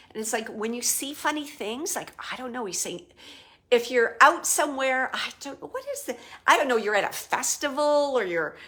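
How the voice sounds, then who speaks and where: A woman working as a psychic medium, relaying messages during a live reading, often dropping to a soft murmur or whisper. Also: on the high side.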